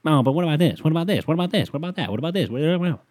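A woman's voice: sits low, expressive, racing, a little mellow, dry recording, pitched above the performer's own voice. A man mockingly putting on the voice of his indecisive young girlfriend, whiny and exaggerated. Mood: nagging.

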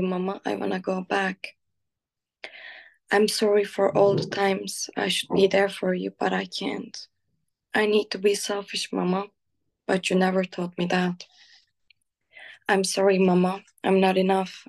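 A woman reading her own poem slowly and softly, then chatting casually. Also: medium pitch, gravelly. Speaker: guest poet. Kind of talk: casual chat and poetry reading.

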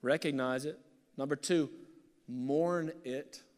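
A male pastor preaching a sermon, swinging from loud bursts to hushed, near-whispered passages. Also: a little high, slow pace. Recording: long reverb of a large hall.

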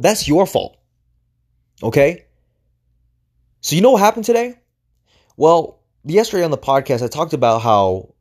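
Here the host speaks at medium pitch with a darkish tone. He launches into a motivational monologue that is profane and emphatic, leaning heavily on rhetorical questions.

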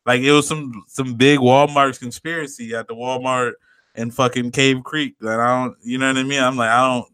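Bright-voiced young man telling a story. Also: medium pitch, fairly even intonation, normal speed, clean tone, no echo. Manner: rambling, laughing, swearing a lot. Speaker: podcast co-host. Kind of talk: casual chat, storytelling.

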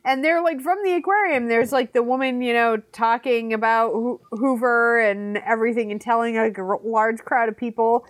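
A woman's voice: on the high side, steady tone, normal speed, hardly any pauses, no echo. A woman co-hosting a podcast, chatting casually and explaining things to her co-host. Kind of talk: casual chat.

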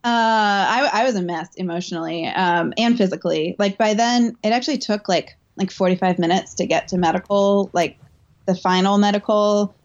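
A woman's voice: mid-range voice, moderate pace. A woman athlete tells her story in an interview, chatty and candid, with lots of fillers and restarts. Her voice sits in a middle range. The sound is dull and lo-fi, like remote audio. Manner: chatty, filler-heavy, emotional retelling. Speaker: elite marathon runner and coach.

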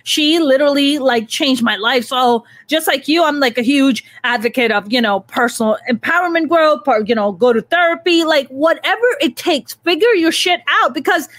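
A woman's voice: sits high, moderate pace, few pauses, fairly bright tone, dry recording. A woman in her thirties hosting a podcast, talking candidly and emotionally, swearing freely. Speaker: podcast host. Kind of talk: candid conversational interview.

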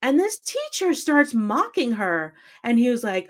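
A woman in casual conversation about a film, animated and laughing, acting out lines as she retells scenes. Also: a little high, moderate pace, hardly any pauses.

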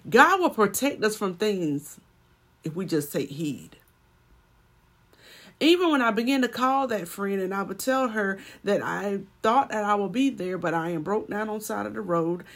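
A woman's voice: mid-range voice, expressive, normal speed, a bit bright. A woman preaching a sermon and telling a personal story, building to emphatic swells.

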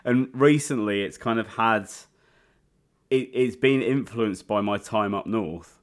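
A man's voice: on the low side, a little slow. A man co-hosting a podcast in casual chat, joking and laughing often. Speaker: podcast co-host.

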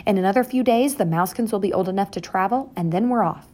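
A woman voicing a stern, bossy mother mouse who speaks briskly and sharply. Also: mid-range voice, a little mellow, lightly acted.

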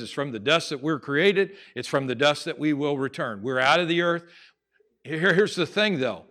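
A man preaching a sermon, conversational at times and rising to loud, emphatic stretches. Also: a little high. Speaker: pastor.

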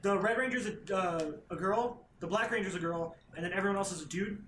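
Rambling, profane man, higher voice. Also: fairly quick, fairly bright tone, slight background noise. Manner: rambling, profane, acts out characters' lines. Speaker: podcast co-host. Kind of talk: casual chat, recapping a comic plot. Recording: roomy echo.

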